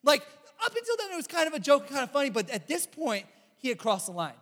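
A young man giving a casual youth sermon, chatty and animated, telling stories and reading scripture. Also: very high voice, fast. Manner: animated, chatty, lots of "like" and "bro". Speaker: youth pastor. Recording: echoey hall reverb.

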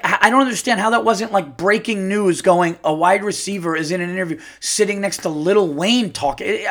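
A man hosting a podcast, ranting loudly and profanely about sports. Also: high voice. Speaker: podcast host. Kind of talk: solo podcast rant.

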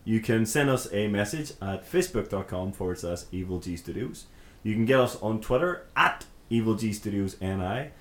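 A man's voice: fairly low pitch, animated, moderate pace. Man, podcast co-host, casual and sweary, roomy sound. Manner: chatty, sweary, laughs often. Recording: roomy echo.

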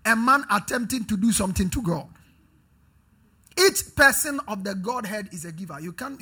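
A man preaching a sermon in a church service, leading call-and-response with the congregation and building up to emphatic shouts. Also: high voice, gravelly, slightly rough. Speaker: pastor.

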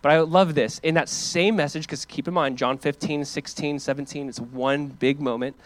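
Emphatic pastor, higher male voice. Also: fairly even intonation, moderate pace. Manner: earnest, emphatic preaching with casual asides. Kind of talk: sermon.

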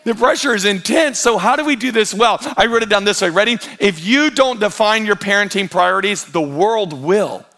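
Bright-voiced, animated man preaching. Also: high-pitched, normal speed, hardly any pauses. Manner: animated storytelling with quoted voices. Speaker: pastor. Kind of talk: sermon.

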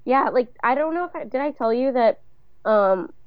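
A woman's voice: high voice, animated, moderate pace, no echo. Rambling young woman, dull dry recording. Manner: rambling, loose, filler-heavy storytelling. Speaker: podcast co-host. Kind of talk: casual chat.

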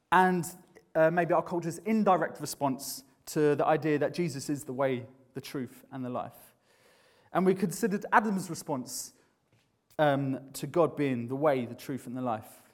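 A man's voice: on the high side, a little mellow. Earnest man preaching a sermon. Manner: conversational, earnest, with frequent restarts.

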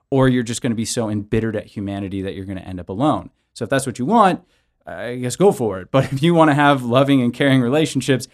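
A man who is a pastor and show host, giving conversational Bible teaching and practical counseling advice in an earnest way, often adding "right?". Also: lowish voice. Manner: earnest, with frequent tag questions of "right?".

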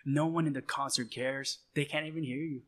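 The preacher speaks in a fairly bright, steady voice that sits on the high side. Slowly and deliberately, he repeats phrases and uses short recurring calls to drive his points home with emphasis.

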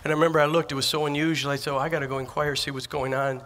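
Racing along in a fairly high, slightly bright voice with little pitch movement, a pastor delivers a sermon in a church sanctuary. He earnestly and emphatically recounts personal stories, repeating phrases, over a little hiss or hum.

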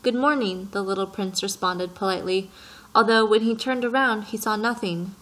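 Woman narrating a storybook, calm even reading. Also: mid-range voice, moderate pace, low-quality recording.

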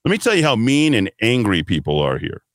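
A man's voice: on the low side, huge pitch swings, fairly quick, no room sound. A man hosting a talk radio show, ranting bluntly and combatively in a monologue from a radio studio. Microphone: studio microphone.

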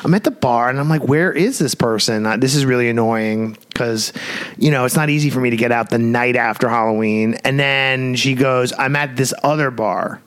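A man in his forties co-hosting a podcast, telling an animated story with swearing and sudden jumps in pitch. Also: normal speed. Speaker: podcast co-host. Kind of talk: casual chat. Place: Los Angeles.

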